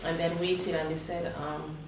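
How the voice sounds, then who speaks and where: A woman tells her story as a talk show guest and acts out the voices of the people in it. Her voice sits on the low side. She is recorded in a roomy space from a distant mic, with faint noise behind her. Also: level tone, unhurried. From Tobago. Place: studio.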